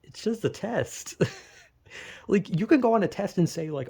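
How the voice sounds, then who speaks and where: A man's voice: on the high side, animated, fairly quick, creaky, mellow, slightly rough. Rambling young man, crude and joking. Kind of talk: casual monologue.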